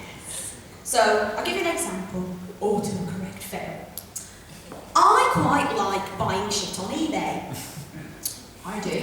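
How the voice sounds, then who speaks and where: A woman delivers a stand-up comedy lecture in a chatty, brash way, tossing in quick asides. Her voice sits a little high. It is captured from a distance, with long reverb and faint room ambience. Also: fairly bright tone, slight background noise. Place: theatre stage before a live audience. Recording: echoey hall recorded from afar.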